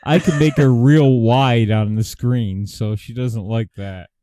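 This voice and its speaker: A man's voice: medium pitch, fairly even intonation, mellow, dry recording, clean studio sound. A man chatting casually on a livestream video call, teasing and joking with lots of laughter. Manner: slow and drawling, teasing, laughs a lot.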